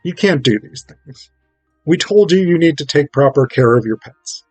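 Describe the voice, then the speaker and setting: A man's voice: a little high, lively intonation, normal speed, a little mellow, no echo, faint music behind. A man casually voicing a scolding disembodied alien parent in a casual, parental tone.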